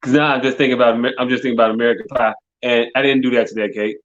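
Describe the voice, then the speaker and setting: A man's voice: mid-range voice, fairly even intonation, rapid-fire. A middle-aged man, telling rambling, profane stories as a podcast co-host and repeating "hey, look" often. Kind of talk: casual comedic chat. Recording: dull lo-fi sound.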